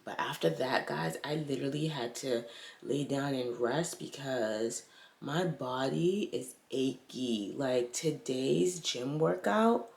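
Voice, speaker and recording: A woman's voice: a bass voice, takes it slowly, gravelly, a little mellow, husky. A woman vlogger, chatting casually, out of breath and exasperated. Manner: exclaiming, exasperated. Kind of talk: casual vlog chat.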